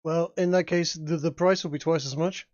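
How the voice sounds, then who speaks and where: A man running a tabletop game over a voice call, talking casually and meandering through his narration. His mid-pitched voice sounds dry and close, with dull, lo-fi sound. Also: fairly even intonation, normal speed, a little mellow, dry recording. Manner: rambling, with many restarts and fillers. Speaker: dungeon master.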